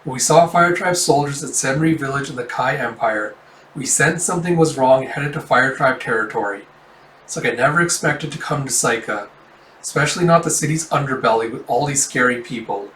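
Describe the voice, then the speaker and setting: A man's voice: medium pitch, a little fast, fairly bright tone, close to an everyday voice. A man voicing a nervous young male healer who complains in a fretful way, in a roomy recording taken from a distance. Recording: roomy, distant mic, faint background noise.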